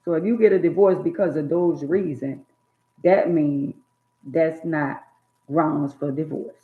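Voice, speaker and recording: A woman's voice: deep voice, animated, slow pace. Preachy woman, tinny echoey phone sound. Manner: emphatic, sermon-like, addresses viewers directly. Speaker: vlogger giving life advice. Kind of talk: preachy motivational monologue.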